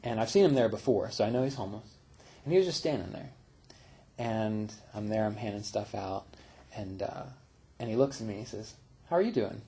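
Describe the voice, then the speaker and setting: A man who teaches meditation, telling personal stories in a relaxed, reflective way, with fillers and small laughs. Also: fairly low pitch, fairly quick, husky. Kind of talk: casual spiritual talk.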